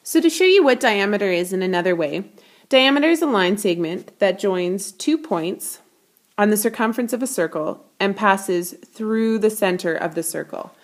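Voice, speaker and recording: A woman teaching math as she reads a picture book aloud, her voice mid-pitched and steady. She explains each term patiently and clearly, like a classroom lesson. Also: moderate pace.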